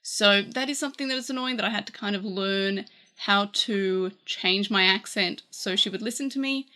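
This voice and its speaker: Australian woman, bright voice, chatty, rambling, casual gadget review. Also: mid-range voice, moderate pace. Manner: chatty, rambling with fillers and restarts. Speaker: tech reviewer.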